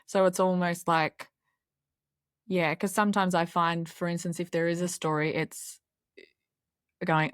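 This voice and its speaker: A woman's voice: lowish voice, level tone, measured pace, pauses often, clear, resonant tone, no echo, studio quality. A woman podcast host chatting in a curious, self-deprecating way and asking her guest questions. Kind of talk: conversational podcast interview.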